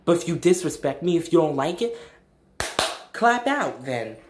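A man's voice: on the high side, sing-song, moderate pace, background noise. A young man ranting in a vlog, emphatic and blunt, repeating his points with slang. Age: young adult. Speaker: vlogger. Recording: echoey room.

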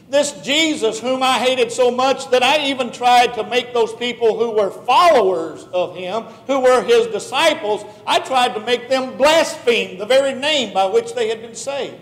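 A man's voice: very high voice, a bit bright, pitched above the performer's own voice. A preacher voicing the apostle Paul as an impassioned man pleading his case before a king in urgent, rising declarations. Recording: echoey hall recording.

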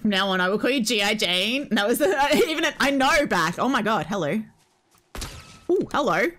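A woman streaming a shooter game, chatting excitably to her viewers and giggling at her own plays. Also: on the high side, moderate pace. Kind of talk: casual gameplay commentary to viewers.

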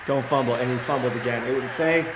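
A young man playing a football video game, reacting loudly and cheering or yelling at each play as a gaming commentator. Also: medium pitch, fast talker, roomy sound, noisy background. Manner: excitable, yells and cheers at plays. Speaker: gaming YouTuber.

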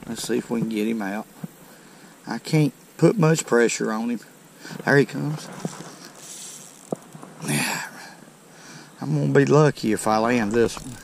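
A fishing channel host talks viewers through his day at a creek, folksy and exclaiming at each catch. His mid-range voice has vocal fry and a measured pace with frequent pauses, and there's a little hiss or hum.

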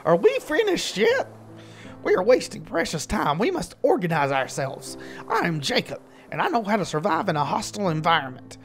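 A man voicing a bossy, impatient male survivalist who talks in a pushy, rushed way. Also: sits high, huge pitch swings, fairly bright tone, soft background music, heavily acted.

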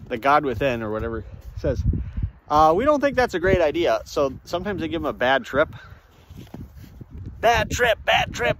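A man vlogging on a walk outdoors, rambling in a halting way, often restarting and calling his viewers folks. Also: mid-range voice, a little hiss or hum. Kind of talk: rambling walk-and-talk monologue. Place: outdoors on a walk among trees.

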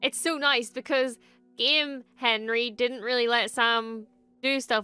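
A young woman hosting a casual reaction video, excitable and quick to swear and gush. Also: fairly high pitch, smooth, no echo, faint music behind. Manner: excitable, swears often, gushes.

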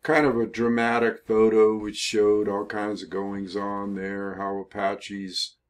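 An older man telling a history story in a casual, rambling way, with many pauses, fillers and self-corrections. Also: lowish voice, monotone. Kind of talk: casual spoken history narration over photos.

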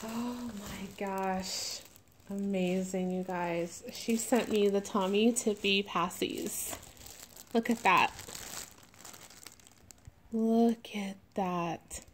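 A woman gushing emotionally as she unboxes a reborn doll, close to tears with excitement. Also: medium pitch, extremely slow, pauses often, a little hiss or hum. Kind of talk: unboxing vlog.

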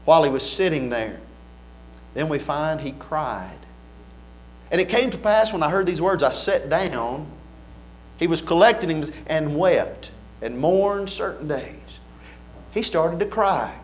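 Earnest preacher man, higher voice. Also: expressive, a little slow, a little hiss or hum. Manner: earnest, preaching with rising fervor and repeated phrases. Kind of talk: sermon. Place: church.

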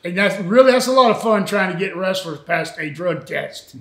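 An older man with a drawl recounts his wrestling days in a loose, folksy way. His voice sits notably high for a man. He laughs often, and the room around him rings with echo. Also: animated, normal speed, a bit bright. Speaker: retired wrestler and former booker. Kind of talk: storytelling interview.

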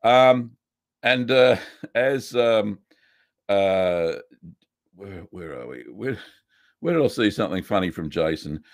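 An Australian man hosting a casual live stream, chatting in a relaxed way and greeting viewers one by one. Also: low-pitched, slow, long pauses, no echo, clean studio sound.

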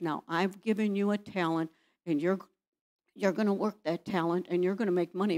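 A woman's voice: medium pitch, darkish tone. A woman pastor preaching in a church, firing rhetorical questions at the congregation. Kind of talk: sermon.

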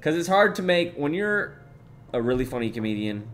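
Young male streamer, casual and jokey, mutters then bursts out loud; light music bed. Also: on the high side, big pitch swings, moderate pace. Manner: jokey, repeats a catchphrase, swings from mumbling to loud bursts. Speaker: streamer reading chat. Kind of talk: casual live-stream chat.

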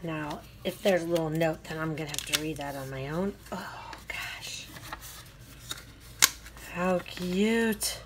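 A woman's voice: low-pitched, fairly even intonation, fairly quick, few pauses, background noise. A woman vlogger unboxing a craft mail swap, gushing with constant delighted exclamations and talking straight to the sender. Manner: talks to the sender directly.

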